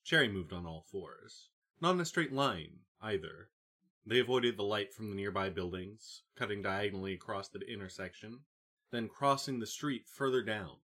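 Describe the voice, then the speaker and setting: A man narrating a novel audiobook in a calm, even reading. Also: fairly low pitch, moderate pace. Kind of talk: scripted narration.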